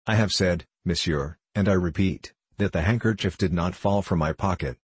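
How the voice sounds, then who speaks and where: A proud, quick-tempered young Gascon, as a man reads him. Low and slightly husky, delivered earnestly in a dry close recording. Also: no room sound. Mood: indignant. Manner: earnest, quick to take offence.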